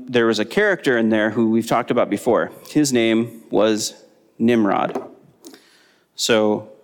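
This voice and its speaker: A man teaching a Bible study lesson, explaining in a relaxed way with frequent ums. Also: mid-range voice, big-room sound.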